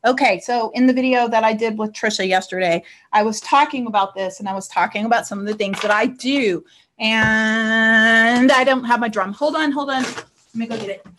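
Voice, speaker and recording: A woman life coach teaching a casual online class over a computer mic, chatty and quick to laugh, tagging her points with "okay?". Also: a little high, a bit bright, a little hiss or hum. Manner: chatty, tags nearly every point with "okay?", laughs easily.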